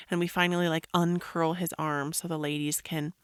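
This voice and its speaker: Chatty woman with a gravelly voice. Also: lowish voice, fairly even intonation, moderate pace, hardly any pauses, a bit bright, dry recording, clean studio sound. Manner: chatty, rambling, many "like" fillers. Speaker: podcast host. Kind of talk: casual storytelling monologue.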